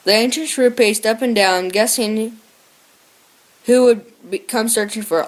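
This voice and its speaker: A woman's voice: a little high, unhurried. A woman narrating a novel aloud in a plain reading manner, with small slips and restarts. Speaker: audiobook narrator.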